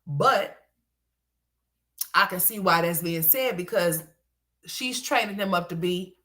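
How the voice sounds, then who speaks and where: A woman's voice: lowish voice, slow, fairly bright tone. A woman giving livestream commentary, ranting bluntly with lots of profanity.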